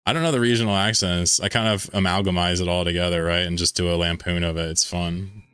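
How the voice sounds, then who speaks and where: A man's voice: low-pitched, steady tone, quick pace, fairly bright tone, clear, resonant tone, no echo. A man from Pennsylvania with a mid-Atlantic American accent, rambling and joking while streaming a game and reading chat aloud. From Pennsylvania, United States. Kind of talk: casual live-stream chat while gaming.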